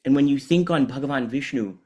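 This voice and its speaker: A man giving a devotional storytelling talk in an animated, conversational way. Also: mid-range voice, fairly quick. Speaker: speaker at a temple celebration.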